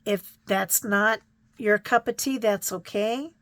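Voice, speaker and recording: A middle-aged woman chatting gently to her viewers in a crafting vlog, reflective and a little choked up, with many pauses and restarts. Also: mid-range voice, no room sound. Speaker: crafting vlogger. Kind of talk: casual chat to viewers.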